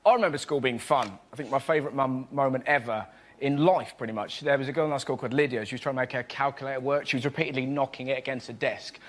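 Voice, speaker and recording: A man doing a playful, excitable stand-up routine on a comedy panel show. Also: mid-range voice, quick pace. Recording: noisy stage recording with audience.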